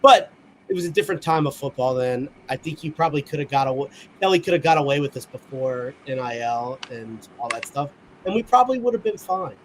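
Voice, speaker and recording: A man's voice: medium pitch, animated, brisk, a little hiss or hum, low-quality recording. A man co-hosting a casual sports podcast, ranting angrily with heavy profanity. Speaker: podcast co-host.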